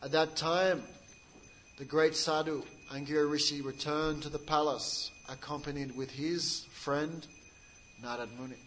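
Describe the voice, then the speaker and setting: A man's voice: a little high, fairly even intonation, a little slow, a bit bright, slight background noise, rough recording. Dramatic storytelling male preacher. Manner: dramatic, acts out quotes with rising emotion; laughs at his own jokes. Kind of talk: storytelling sermon.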